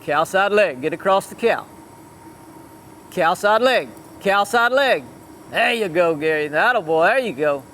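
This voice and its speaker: Male cutting horse trainer, high voice, barking repeated short cues at a rider outdoors, faint traffic behind. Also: animated, unhurried, a bit bright. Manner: calls out short repeated commands. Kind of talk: live riding coaching. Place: outdoor riding arena.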